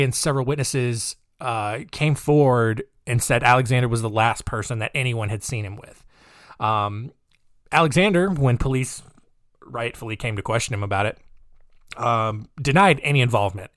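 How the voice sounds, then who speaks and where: A man's voice: mid-range voice, no echo. Dry-voiced man telling crime stories casually. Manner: digressive and jokey, many fillers. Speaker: podcast host. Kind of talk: casual true-crime storytelling.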